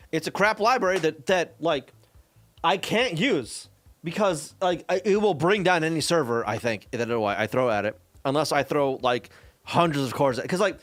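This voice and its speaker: A man's voice: a little high, fairly bright tone, dry recording. A man streaming a casual, exasperated rant about programming. He swears freely and leans on fillers and tag questions.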